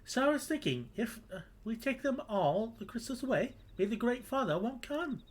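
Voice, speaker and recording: A man's voice: very high voice, sing-song, normal speed, pitched above the performer's own voice, full character voice. A man voicing a timid, eager little male kobold who repeats his words and speaks in broken grammar. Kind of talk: voicing game dialogue aloud.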